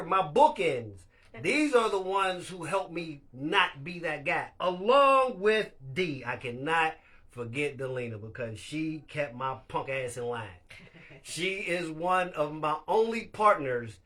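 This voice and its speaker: A man's voice: on the high side, very animated, slow, sharp tone. A man hosting a casual live chat, talking candidly and loosely, laughing often and swearing freely. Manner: speaks of being a leader. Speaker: live stream host.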